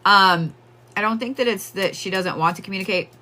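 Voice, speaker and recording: A woman's voice: medium pitch, a little fast, pushed and bright. A woman giving casual psychic readings on a livestream, chatting with viewers and laughing often.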